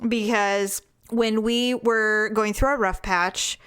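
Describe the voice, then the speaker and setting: A woman co-hosting a podcast, telling a long story in casual chat, animated, swearing freely and laughing often. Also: medium pitch, slow pace, clear, resonant tone. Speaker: podcast co-host.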